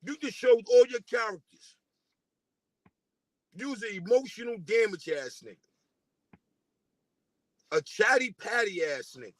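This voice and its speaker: A man's voice: high voice, expressive, measured pace, pauses often, dry recording. A man from New delivering a casual, profane diss rant at a rival, taunting and repeating himself.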